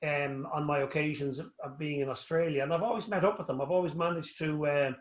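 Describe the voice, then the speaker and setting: Chatty Irish man, slightly high, recorded in an echoey room. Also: quick pace. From Northern Ireland. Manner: rambling, animated storyteller, joking. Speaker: guest, anatomist. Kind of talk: casual interview chat.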